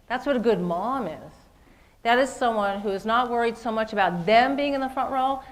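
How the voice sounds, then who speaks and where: Woman keynote speaker, mid pitch, emphatic and repetitive, direct with the audience. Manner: emphatic, repeats phrases, asks audience questions. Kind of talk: live motivational keynote.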